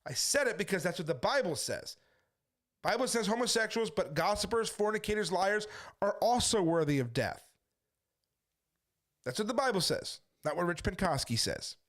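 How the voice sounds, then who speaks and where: A man's voice: high-pitched, lively intonation, moderate pace, fairly bright tone. A man talking to camera as a street preacher, defensive and storytelling, acting out the people he quotes. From United States. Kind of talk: casual monologue to camera.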